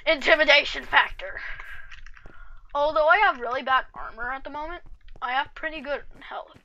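Cocky high-voiced woman gaming. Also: moderate pace, bright, forceful tone, highs cut off. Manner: cocky, trash-talking, chatty. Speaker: gaming channel host. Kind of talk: live gameplay commentary.

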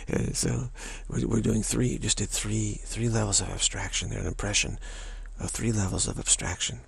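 A man's voice: lowish voice, fairly even intonation, normal speed, vocal fry, slightly rough, no echo. A man giving a rambling spiritual talk in a casual, musing way, often repeating himself and stumbling over tongue-twisting phrases. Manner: casual and musing, many fillers. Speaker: spiritual teacher.

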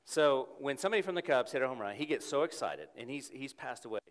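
A man preaching a sermon in church, earnest, rising to emphatic peaks and dropping to a soft hush. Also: medium pitch, expressive, quick pace. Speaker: pastor. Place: church sanctuary with congregation. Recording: long hall reverb.

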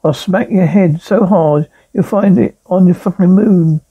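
An actor with a Cockney accent playing a foul-mouthed, blunt Victorian police inspector in a comedy crime drama. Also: male voice, sits high, a little slow, warm tone, husky, exaggerated voice, rough recording. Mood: threatening. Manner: crude, blunt, sweary.

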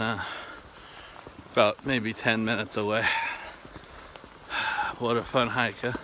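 A man's voice: medium pitch, pushed and bright, slight background noise. A man vlogging casually, a laid-back rambler who swears freely as he talks to his viewers. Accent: US Pacific Northwest. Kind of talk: casual vlog monologue. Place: outdoors in a snowstorm, then at home.

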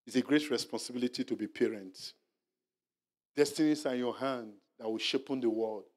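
A male pastor leading a Bible study sermon, animated and exhorting, repeating his points and dropping to a hushed murmur for soft asides. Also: medium pitch, moderate pace. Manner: animated preaching, drops to a hushed murmur when acting out apologies; repetitive, exhorting. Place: church hall.

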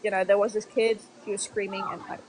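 A woman's voice: medium pitch, little pitch movement, quick pace, a crowd in the background. A young woman from the Netherlands, a Dutch speaker, hosting a casual livestream, rambling and laughing as she answers viewer comments. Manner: chatty, rambling, laughs often, restarts sentences. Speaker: livestream host.

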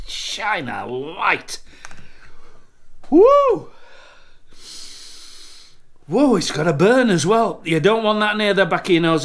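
A tipsy man hosting a casual product review, boisterous and jokey, swearing freely as he chats. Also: a little high. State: tipsy from drinking. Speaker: snuff reviewer, channel host.

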